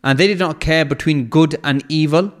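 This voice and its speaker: A man teaching scripture with a slightly raised pitch. He lays out each point in measured steps and repeats key phrases for emphasis. He breaks into quick Arabic recitation between his explanations. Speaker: Quran lecturer. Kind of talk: explanatory religious lecture.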